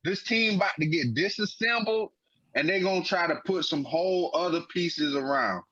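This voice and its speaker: Arguing his case in heavy slang, a male sports podcast co-host sounds animated and emphatic. His voice sits high with a breathy edge at normal speed, and the recording is dull and lo-fi.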